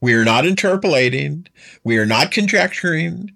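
A man's voice: a little high, lively intonation, normal speed, creaky, pushed and bright. A man giving a storytelling history lecture. He talks to the listener directly and repeats his key points for emphasis.

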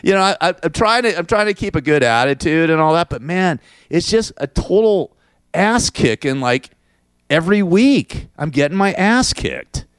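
A middle-aged man rambles through a crude, venting solo monologue, tacking "man" onto his sentences and restarting often. His voice is smooth and resonant. The sound is dry and close, with no room around it. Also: fairly high pitch, expressive, normal speed, no room sound. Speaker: podcast host.

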